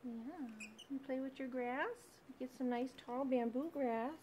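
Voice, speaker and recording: Woman, high voice, sing-song baby talk to pet birds, soft small laughs, at home by a birdcage. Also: steady tone, measured pace, slight background noise, low-quality recording. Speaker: pet owner filming her birds.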